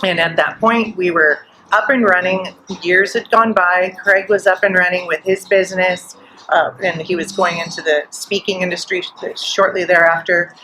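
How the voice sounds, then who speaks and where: A middle-aged woman guest at a live podcast event, telling her story in an animated way and acting out the voices she quotes. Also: on the low side, moderate pace, a little hiss or hum, low-quality recording.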